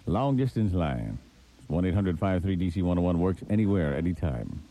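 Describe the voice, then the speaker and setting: A man hosting a radio morning show, telling comic stories in a theatrical way from a studio. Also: moderate pace. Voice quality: animated, theatrical delivery with sudden pitch jumps.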